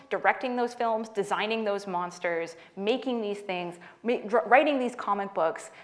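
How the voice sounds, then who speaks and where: A woman in her thirties, an author giving a talk at a library and taking audience questions, who tells stories with a laugh and acts out the dialogue. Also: mid-range voice. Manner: lively storyteller, laughs a lot, acts out dialogue.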